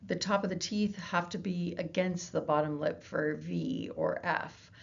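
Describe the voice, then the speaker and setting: A woman giving a recorded lecture, her voice low-pitched and gravelly with noticeable fry. She explains things patiently, often pausing on fillers and restarting sentences. The recording sounds dull and lo-fi. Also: fairly even intonation. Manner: explanatory, with fillers and self-corrections. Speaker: psychology lecturer.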